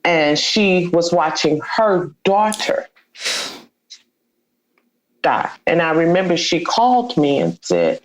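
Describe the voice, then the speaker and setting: A woman's voice: on the low side, big pitch swings, takes it slowly, pauses often, poor audio. A woman guest in an interview, telling a personal story with feeling and acting out the dialogue she quotes. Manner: heartfelt, acts out quoted dialogue.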